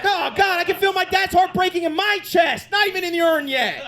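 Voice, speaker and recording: A man doing stand-up comedy on a club stage, animated and crude, chatting with the crowd. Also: very high voice, a little fast, over music.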